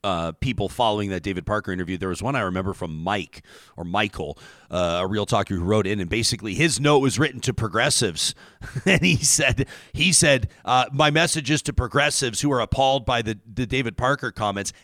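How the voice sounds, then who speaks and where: A man's voice: lowish voice, brisk, no echo, studio quality. A man hosting a podcast in casual chat, telling stories animatedly and acting out what others said. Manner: animated storyteller who acts out quotes. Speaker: podcast host.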